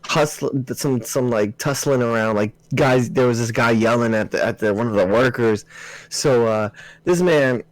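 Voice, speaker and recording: A young man co-hosting a podcast, telling stories in relaxed, slangy casual chat with swearing. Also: medium pitch, normal speed, dry recording, rough recording. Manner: laid-back storyteller, slangy, swears. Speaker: podcast co-host.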